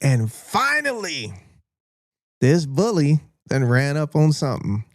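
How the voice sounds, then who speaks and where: A man with an American accent hosting a podcast, telling a story in a casual, animated and profane way and acting out the people he quotes. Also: on the high side, takes it slowly, dry recording, clean studio sound.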